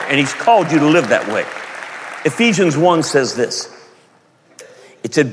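A man preaching a sermon, telling a story softly and then building to shouted, passionate peaks. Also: a little high, sing-song, moderate pace, long pauses, a faint crowd. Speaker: pastor. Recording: long reverb of a large hall.

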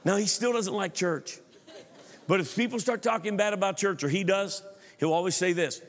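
Male pastor, sermon, earnest storytelling, slightly high voice, long hall echo. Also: moderate pace. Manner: earnest storytelling, repeats words, preacherly emphasis.

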